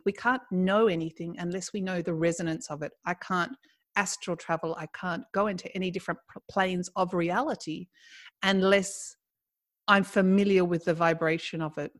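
Middle-aged woman guest, animated storyteller who laughs through her tale. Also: lowish voice. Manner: animated, laughs while telling. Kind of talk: storytelling in casual conversation.

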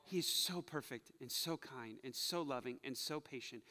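A man's voice: medium pitch, moderate pace, pushed and bright. A man preaching a sermon as pastor, earnest and confessional, repeating phrases for emphasis, then leading the church in prayer. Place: church sanctuary. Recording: long hall reverb.

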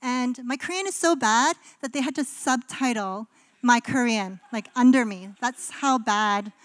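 A woman's voice: fairly high pitch, unhurried, no room sound. A woman pastor from Canada giving a conversational sermon in a casual, chatty way, with frequent ums and likes.

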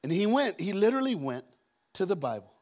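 A man preaching a sermon as a guest speaker, telling stories and acting out the scenes with shouts and deep put-on voices. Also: sing-song, fairly quick. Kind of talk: storytelling sermon. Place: church auditorium.

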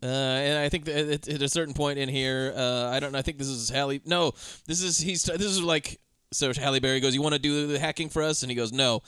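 A man's voice: medium pitch, fairly even intonation, fairly quick, fairly bright tone, clear, resonant tone, no room sound, clean studio sound. A man co-hosting a casual movie podcast, sarcastically retelling scenes in mock voices. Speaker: podcast co-host. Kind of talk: casual movie-review chat.

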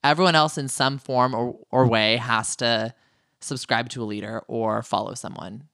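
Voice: medium pitch, steady tone, creaky, fairly bright tone, no room sound. Podcast co-host, casual recap chat, opinionated, jokey, dry close sound. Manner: opinionated, jokey, quick asides.

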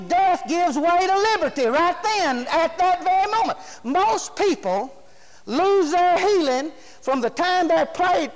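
High-pitched folksy preacher. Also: male voice. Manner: folksy, emphatic, rhetorical questions to the congregation. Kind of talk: sermon. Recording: long hall reverb.

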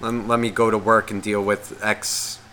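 A man's voice: lowish voice, moderate pace, slight background noise. A man co-hosting a podcast, ranting in a profane, comedic way and acting out the voices in his head. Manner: animated, swearing, acts out inner voices. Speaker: podcast co-host.

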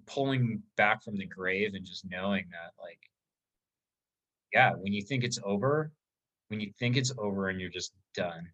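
A man's voice: lowish voice, normal speed, a bit bright, rough recording. A man on a podcast, telling an emotional story about an ultramarathon in a casual, rambling way with many fillers.

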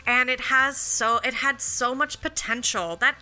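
A woman's voice: sits high, steady tone, unhurried, bright, forceful tone. A woman in her thirties co-hosting a casual chat about a TV show, enthusiastic and profane, with many filler likes. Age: 30s. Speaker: podcast co-host.

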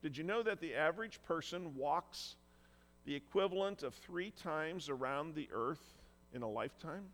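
A man's voice: fairly high pitch, lively intonation, moderate pace, fairly bright tone, long reverb tail. A man preaching a sermon as pastor, earnest and emphatic, acting out quoted lines with feeling.

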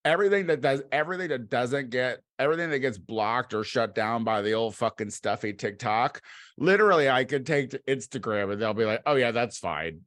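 A man from the United States delivering a casual comedic monologue as a podcast host. He rambles and swears, with sudden loud outbursts. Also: medium pitch, fairly quick, few pauses, no echo, clean studio sound.

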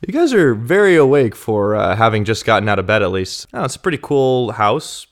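A man's voice: mid-range voice, sing-song, a little fast. A man hosting a podcast, interviewing guests in an upbeat, casual way. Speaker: podcast host.

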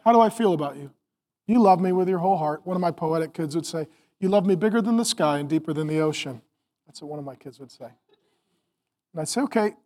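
A middle-aged man preaching a sermon to parents, animated and acting out family scenes, then dropping to a soft calm voice. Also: sits high. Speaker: pastor.

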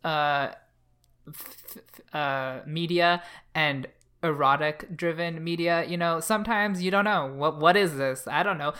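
Blunt low-voiced young woman debating. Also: measured pace, a bit bright, smooth. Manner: blunt, argumentative, loose and sarcastic. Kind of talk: casual debate chat.

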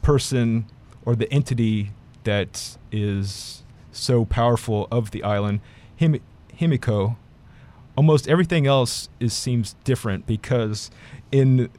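A man's voice: mid-range voice, measured pace, dark tone. A man reviewing films in a casual chat, rambling with many fillers and restarts. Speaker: film critic.

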